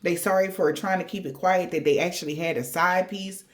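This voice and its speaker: A woman's voice: fairly low pitch, steady tone, fairly quick, heavy background noise. A woman giving a casual tarot reading, rambling in slangy talk addressed straight to the viewer. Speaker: tarot reader.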